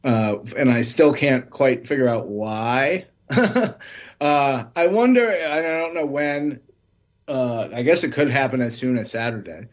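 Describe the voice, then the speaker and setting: A man's voice: mid-range voice, unhurried. A man co-hosting a casual wrestling podcast, rambling and restarting his sentences, swearing freely. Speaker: podcast co-host. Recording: dull lo-fi audio.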